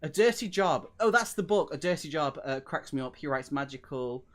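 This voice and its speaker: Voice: medium pitch, expressive, moderate pace, fairly bright tone. A read-along livestream host chatting casually between reading sessions, giggly and rambling and often self-mocking.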